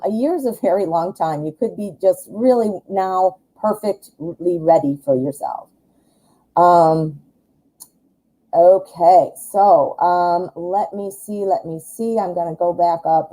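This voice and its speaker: A woman doing a live tarot reading in a very dark, mellow, lowish voice. She talks in a chatty, reassuring way, thinking aloud with lots of ums as she lays out the cards. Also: low-quality recording. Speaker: tarot reader.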